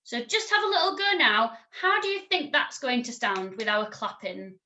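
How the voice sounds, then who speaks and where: A woman teaching a recorded music lesson to children, encouraging and clear, singing and chanting examples. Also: a little high, sing-song, normal speed, pushed and bright.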